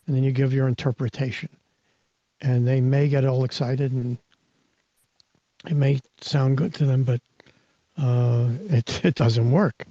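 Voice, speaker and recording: A man's voice: mid-range voice, steady tone, moderate pace, mellow, no echo. A man hosting a live audio talk, coaching and teaching in an emphatic way, repeating words and restarting his sentences. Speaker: host and mindset coach. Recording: dull, lo-fi online audio.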